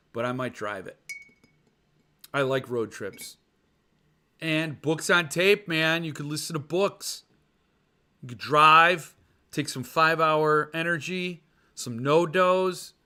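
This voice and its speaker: This podcast host's voice sits a little high and sounds pushed and bright. In a loose, jokey chat he works through viewer comments, ranting and rambling and slipping into silly mock voices.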